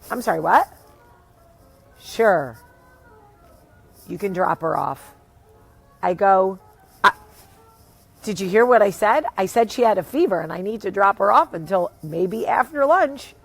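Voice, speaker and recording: A woman in her thirties or forties, a vlogger and show host with a New Jersey accent, casually recounts a story on her vlog, acting out quoted people with animation and casual swearing. Her medium-pitched voice is slightly rough, at normal speed with long pauses, and faint music plays behind her.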